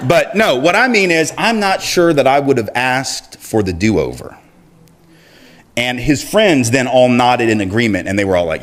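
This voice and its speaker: A man's voice: mid-range voice, very animated, normal speed. A man giving a public speech as an activist, telling a personal story in a conversational, self-deprecating way and chuckling as he acts out the voices in it. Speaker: activist speaker.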